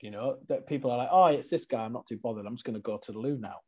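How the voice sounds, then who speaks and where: Husky man telling wrestling stories. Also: medium pitch, rapid-fire. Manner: animated storyteller, acts out quotes. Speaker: guest wrestler. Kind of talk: casual interview chat.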